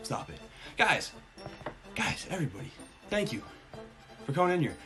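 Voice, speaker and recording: A man streams live with bright, punchy energy, his pitch leaping high then sinking into low mutters. He sounds breathless from the excitement as he reels off names from chat. Faint music plays behind him. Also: normal speed. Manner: hyped, shouting out chat names, swings from loud to low mutters. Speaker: streamer hosting a mock draft stream.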